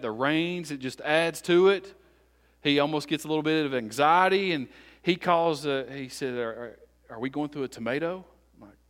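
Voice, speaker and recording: A male pastor preaching. His delivery rises through loud repeated phrases and falls to hushed, deliberate words. His voice sits at an ordinary middle pitch for a man. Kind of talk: sermon.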